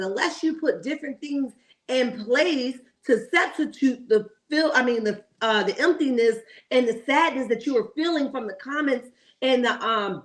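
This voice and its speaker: Her voice is a little high and a bit bright as she hosts a casual reality TV commentary livestream. Opinionated and chatty, she greets viewers in the chat and checks in with "okay?"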